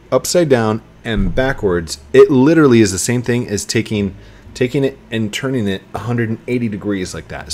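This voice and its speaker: A young man giving casual let's-play commentary as a gaming YouTuber, excitable, yelling at other players and then apologizing, laughing often. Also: lowish voice.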